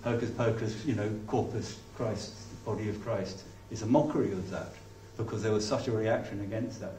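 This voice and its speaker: Male pastor, halting reflective sermon, distant echoey church recording with faint noise. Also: fairly low pitch, fairly even intonation, dark tone. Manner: reflective, halting, with many restarts. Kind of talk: sermon with closing prayer. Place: church hall.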